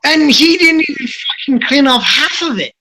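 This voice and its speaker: A man's voice: extremely high pitch, expressive, normal speed, bright, forceful tone, slight background noise. A man telling a long, rambling, profane story to friends, laughing as he goes. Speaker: podcast host. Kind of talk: casual storytelling among friends.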